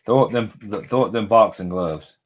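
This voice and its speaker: Talking at normal speed in a fairly low voice, a middle-aged man opens toys for his vlog. He rambles in a relaxed way and calls out viewers by name.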